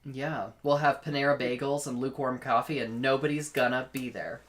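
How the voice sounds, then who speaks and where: A woman's voice: very deep voice, fairly even intonation, a little fast. A woman co-hosting a podcast, telling stories in casual chat and laughing often. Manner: chatty, laughing storyteller. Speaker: podcast co-host.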